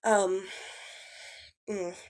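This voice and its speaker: A woman's voice: medium pitch, level tone, drawn-out words. A woman giving blunt, heated drama commentary, swearing freely as she lays out her views. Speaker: commentary YouTuber.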